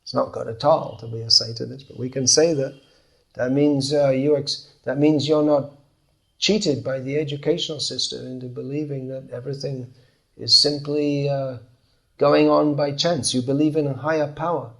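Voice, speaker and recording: A man's voice: medium pitch, steady tone, moderate pace, fairly bright tone. A man giving a scripture class in a conversational way, often acting out the replies of the people he describes. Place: class in Bangalore.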